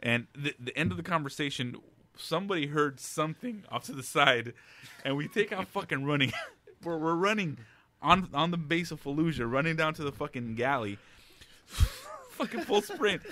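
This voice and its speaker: A man's voice: on the high side, sing-song, normal speed, bright, forceful tone. Profane, laughing military storyteller man. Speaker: veteran guest. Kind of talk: casual podcast storytelling.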